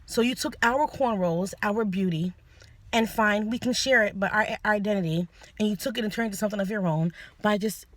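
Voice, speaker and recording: A young vlogger with a mid-range voice speaks a little fast, with no echo, in an earnest opinion monologue to camera. She's unsure of herself, often restarting and apologizing.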